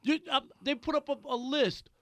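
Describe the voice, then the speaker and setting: A man co-hosting a sports radio show, arguing points with animated emphasis. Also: very high voice, normal speed, no echo, studio quality. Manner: animated, argumentative, mocks whiny voices.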